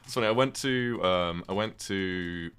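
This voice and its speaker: A man's voice: deep voice, moderate pace, fairly bright tone, clear, resonant tone. A man streaming a game, rambling in casual chat and often laughing at himself. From United Kingdom. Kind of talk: casual livestream chat while playing a game.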